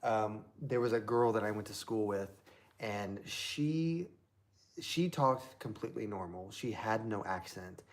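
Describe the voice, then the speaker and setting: A man's voice: fairly low pitch, measured pace. A man from Southern Indiana hosting a live stream, chatting casually in a rambling way with lots of fillers.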